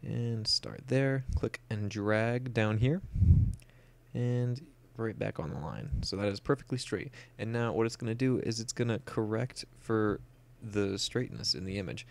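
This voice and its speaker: A young man walks through photo editing software in a relaxed tutorial. His voice sits fairly low and has a gravelly fry. He explains each step plainly and fills his pauses with "uh" and "um". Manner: casual, many "uh" and "um", explains step by step. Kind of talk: screen-recorded software tutorial.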